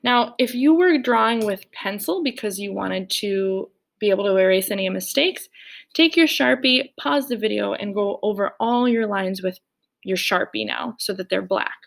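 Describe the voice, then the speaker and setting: A woman's voice: medium pitch, normal speed, creaky. A young woman leading a children's drawing lesson, cheerful and playful, speaking directly to the kids. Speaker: art teacher.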